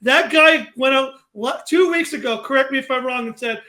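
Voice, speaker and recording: A man with a very high voice rails against a coach in heated sports talk. He is fired up and indignant and raises his voice to a shout at times. His tone is bright and sharp. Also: normal speed, few pauses. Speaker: sports talk show co-host.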